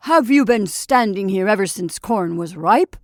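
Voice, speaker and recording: A woman voicing Santa Claus as a brisk, hearty old man in a storybook reading. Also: medium pitch, lively intonation, no echo, studio quality, lightly acted. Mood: questioning. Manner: loud, hearty, hurried.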